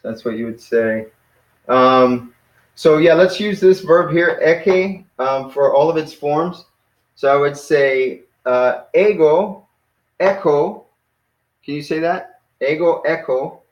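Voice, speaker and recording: A man giving a relaxed, encouraging one-on-one Greek lesson, laughing easily and calling his student "man". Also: a little high, takes it slowly, reverberant, lo-fi sound. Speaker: Greek teacher. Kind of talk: casual one-on-one language lesson.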